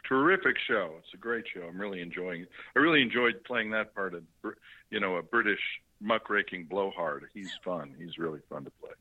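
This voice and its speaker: A man phoning in to a talk show, his voice low-pitched and a bit muffled by the line. He rambles casually with lots of fillers and chuckles as he tells stories. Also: expressive, brisk, breathy edge. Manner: rambling, laughing, with many fillers. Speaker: actor guest. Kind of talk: casual phone interview. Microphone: phone line. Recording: dull phone line.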